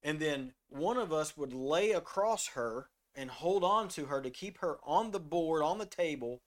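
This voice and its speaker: A middle-aged man talks about faith in an earnest, storytelling manner, his voice sitting a little above the usual male pitch. He now and then reads scripture aloud in the same conversational way. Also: expressive, measured pace. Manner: earnest, storytelling, drops to a soft voice when quoting himself. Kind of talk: faith discussion, reading scripture.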